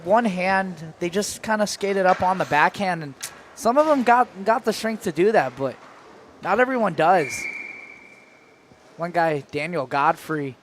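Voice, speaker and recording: A man's voice: fairly high pitch, slight background noise. A man calling play-by-play for an amateur hockey game, chatting loosely between plays and snapping into shot calls. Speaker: play-by-play announcer.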